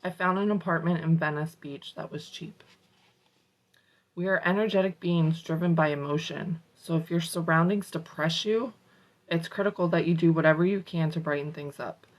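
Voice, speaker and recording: A woman's voice: sits low, fairly even intonation, normal speed, low-quality recording. A woman hosting a morning motivation show, reading a self-help book aloud with casual, salty asides. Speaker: motivational host.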